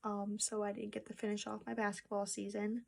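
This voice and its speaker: A young woman talking to her phone camera in a personal vlog, soft-spoken and halting, with restarts and sad pauses. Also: medium pitch, level tone, gravelly. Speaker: vlogger. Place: home room with a treadmill.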